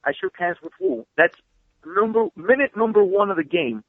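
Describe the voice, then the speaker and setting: A man guest telling stories in a casual interview, excitable and swearing freely, heard over a phone call. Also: high-pitched, gravelly, no room sound. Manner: fast, excitable storyteller who swears freely. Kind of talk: animated storytelling, casual interview. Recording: tinny phone line.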